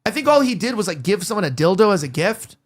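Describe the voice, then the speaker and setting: A man hosting an opinionated commentary show, talking in a rapid, heated, rambling way with many restarts. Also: sits high, sing-song. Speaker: show host.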